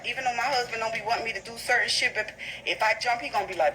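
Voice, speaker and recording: A woman's voice: fairly high pitch, quick pace, bright, forceful tone, a little hiss or hum, poor audio. A woman livestream host telling a story in a blunt, profane, heated way. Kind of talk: casual livestream rant.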